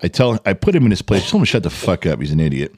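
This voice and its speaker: A man's voice: low-pitched, rapid-fire. A man co-hosting a podcast, telling a story in casual chat, cursing and acting out what people said. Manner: animated, profane, acts out quotes loudly. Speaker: podcast co-host.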